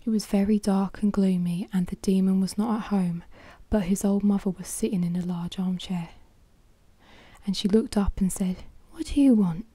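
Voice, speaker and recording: A woman whispering a fairy tale close to the microphone as a whispered role-play, pausing to correct herself. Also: medium pitch, fairly even intonation, warm tone, husky, dry recording. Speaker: ASMR storyteller.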